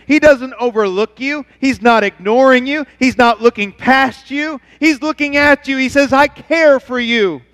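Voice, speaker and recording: A man who is a pastor, preaching a sermon at his church, who climbs to emphatic, near-shouted passages and then drops to soft, low, intimate talk. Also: normal speed, hardly any pauses, clean tone, long reverb tail. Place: church sanctuary.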